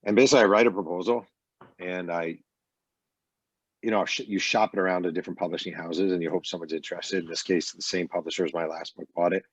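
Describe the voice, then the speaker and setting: A middle-aged man with a low voice tells animated stories in a casual interview. He acts out the people in his stories as he talks. The sound is dry and muffled, like lo-fi video call audio from a bedroom. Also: fast talker, husky, no echo. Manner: animated anecdotes with acted quotes. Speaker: author guest.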